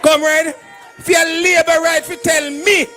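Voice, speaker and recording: A Jamaican man, a doctor and political candidate, shouting a fiery rally speech to a crowd of supporters. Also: extremely high pitch, flat delivery, moderate pace, soft background music.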